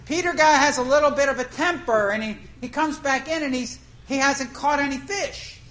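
A woman's voice: high-pitched, normal speed, a bit bright, poor audio. A woman preacher telling a fishing story in a folksy, conversational way, asking the congregation questions. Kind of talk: storytelling sermon.

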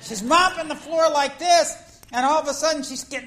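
A woman preacher giving a conversational sermon, telling a story in an animated way and acting out the scenes. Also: high-pitched, a little fast, poor audio.

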